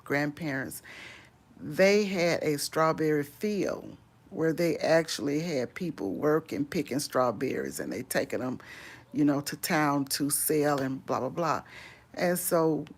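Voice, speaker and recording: Woman, unhurried drawl, chatty live-stream talk, laughs often, outdoors on a walk. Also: low voice, animated. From Louisiana. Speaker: vlogger host. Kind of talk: casual live-stream chat answering viewers.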